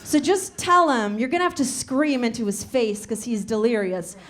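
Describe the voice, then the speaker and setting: A young woman from the Soviet Union performing stand-up comedy on a club stage, telling a story in a chatty way with deadpan punchlines. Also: on the high side, normal speed.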